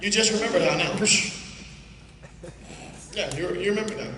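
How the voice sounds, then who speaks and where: A man's voice: high voice, moderate pace, background noise. A male stage hypnotist giving repetitive, playful commands to volunteers during a live show. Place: theater stage before a live audience. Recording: echoey hall from far off with crowd.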